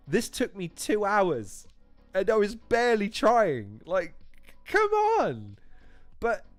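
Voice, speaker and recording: A man casually chatting on his livestream, animated and rambling, with plenty of swearing. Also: mid-range voice, clean tone. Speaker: YouTuber hosting a livestream. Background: faint background music.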